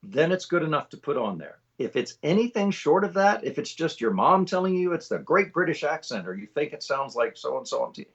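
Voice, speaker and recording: An older man, a voice actor guest, telling animated stories in a casual interview. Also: a little high, fairly quick, hardly any pauses, slightly rough, highs cut off. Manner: animated storyteller, many restarts.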